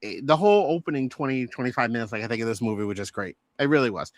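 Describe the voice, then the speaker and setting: A man's voice: medium pitch, expressive, rapid-fire, dry recording. A middle-aged man co-hosting a podcast, enthusiastically recounting favorite movie moments. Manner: enthusiastic, acts out lines and laughs. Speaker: podcast co-host. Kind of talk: casual movie review chat.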